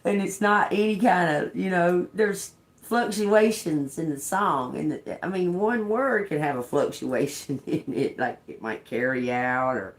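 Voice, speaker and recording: A woman's voice: lowish voice, a little slow. A woman in her fifties hosting a livestream, telling a rambling story with frequent laughter and casual swearing. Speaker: livestream host. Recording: echoey room.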